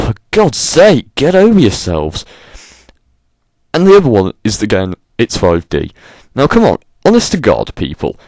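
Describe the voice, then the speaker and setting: Exasperated ranting man, swinging pitch. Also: a little mellow, dry recording. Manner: exasperated, sarcastic, swears freely. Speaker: vlogger. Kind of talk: ranting monologue.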